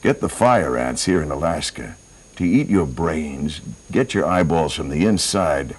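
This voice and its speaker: A man's voice: rumbling low, lively intonation, unhurried, slightly rough, pitched below the performer's own voice, full character voice, rough recording. A man doing a menacing talking grizzly bear.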